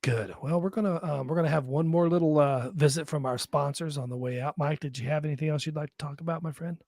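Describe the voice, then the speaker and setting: A man's voice: on the high side, steady tone, fast, darkish tone, no echo, studio quality. A man co-hosting a live podcast, chatting casually and joking with plenty of swearing. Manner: profane, rambling, joking. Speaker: podcast co-host.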